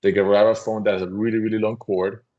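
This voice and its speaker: A man, a company CEO, telling anecdotes in a casual, animated podcast conversation and acting out voices as he goes. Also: fairly low pitch, quick pace, lo-fi sound. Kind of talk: casual storytelling.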